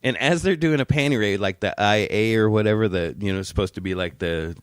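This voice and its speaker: A man's voice: fairly low pitch, brisk, smooth, dry recording, studio quality. A man co-hosting a casual podcast, telling stories with heavy swearing and acting out what people said. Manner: animated storyteller, heavy swearing, acts out quotes. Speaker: podcast co-host. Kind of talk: casual chat.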